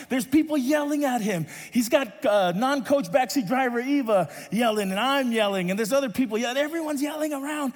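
A man preaching and telling a lively story, acting out the voices of the people in it and rising to shouts at times. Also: very high-pitched. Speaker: pastor and volleyball coach. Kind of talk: sermon storytelling. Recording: reverberant hall.

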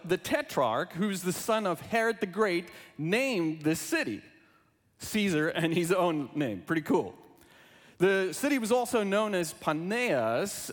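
Male pastor, high animated voice, unhurried sermon delivery, long church reverb. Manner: lively, playful, reads aloud with animal noises. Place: church sanctuary. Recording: long reverb in a large hall.

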